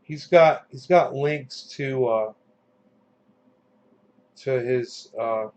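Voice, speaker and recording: A man's voice: medium pitch, drawn-out words, darkish tone. A man hosting his own channel, chatting loosely and swearing often, with plenty of fillers and restarts. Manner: loose, profane, full of fillers. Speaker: channel host. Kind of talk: casual rambling chat. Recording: dull lo-fi sound.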